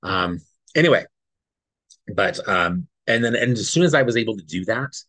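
A man's voice: on the low side, expressive, normal speed, sharp tone, no room sound. A man co-hosting a podcast, earnestly telling a personal story in a rambling, casual way and often checking in with "right?". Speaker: podcast co-host.

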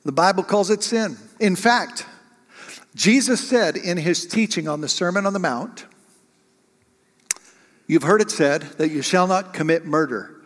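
A male pastor preaches with a slightly raised pitch, throwing rhetorical questions out to his listeners. His voice carries a long reverb, as if it is filling a large hall. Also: a little slow, pauses often, fairly bright tone. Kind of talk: sermon.

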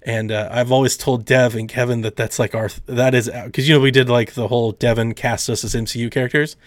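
A man hosting a casual podcast, rambling and acting out his friends' lines in quick voices. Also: medium pitch, fairly even intonation, no echo, clean studio sound. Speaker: podcast host.

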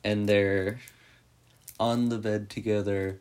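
A man's voice: on the low side, flat delivery, takes it slowly, a little mellow, clear, resonant tone. A man giving a casual, rambling spoken recap of a movie, full of "like" and swearing freely. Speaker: movie reviewer.

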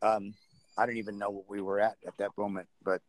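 A man's voice: lowish voice, level tone, brisk, no room sound. A man, chatting outdoors on a video call and rambling through old stories with chuckles. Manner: rambling, chuckling, restarts a lot. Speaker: guest, former speedway rider. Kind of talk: casual storytelling chat.

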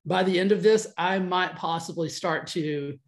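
A man's voice: high-pitched, moderate pace, roomy sound. A man from the American South with a Southern twang, hosting a podcast in an upbeat, rambling way. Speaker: podcast host. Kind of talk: casual interview chat. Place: California.

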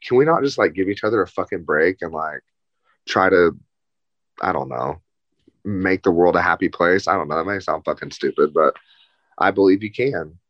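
A man's voice: deep voice, lively intonation, moderate pace, no echo, lo-fi sound. A man in a casual chat, talking bluntly and flamboyantly, with lots of swearing.

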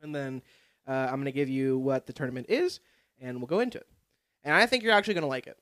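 A man's voice: medium pitch, fast talker, fairly bright tone. A young man hosting a podcast, telling a story in casual chat and swearing freely. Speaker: podcast host.

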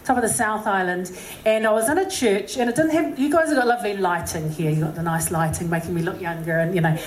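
A woman's voice: medium pitch, fast, a little hiss or hum. Chatty New Zealand woman in a roomy hall. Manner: chatty, self-deprecating, with many "you know" fillers. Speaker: singer speaking to an audience. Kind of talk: personal story and encouragement talk. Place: live venue with an audience.

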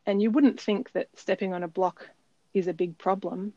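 In a mellow voice of medium pitch and steady tone, a woman co-hosting a podcast tells a personal story at a moderate pace. She comes across as earnest and reflective, with frequent ums, in casual storytelling chat. There's no echo, and the dry recording sounds slightly dull.

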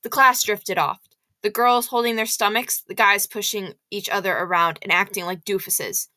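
A woman reading a novel aloud in the first person, with lively, expressive narration. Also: medium pitch, normal speed, no echo. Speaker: audiobook reader.

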